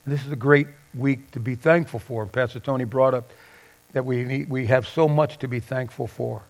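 A middle-aged man preaching a sermon, swinging from loud bursts to soft asides. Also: medium pitch, steady tone, normal speed. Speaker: pastor.

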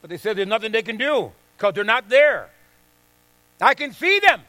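A man's voice: sits high, very animated, moderate pace, sharp tone, no room sound, voice pushed up, full character voice. A man voicing a frightened little old woman. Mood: worried.

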